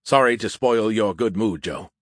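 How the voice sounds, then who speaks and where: A man's voice: fairly low pitch, moderate pace, no echo, clean studio sound, natural voice. A man voicing a boastful, moody male AI in a beer can, speaking formally without contractions in an audiobook reading. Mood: glum.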